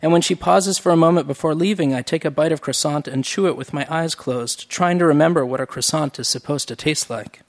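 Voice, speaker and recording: A man narrating a first-person novel in a measured, wry, reflective reading. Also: a little high, vocal fry. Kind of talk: audiobook narration.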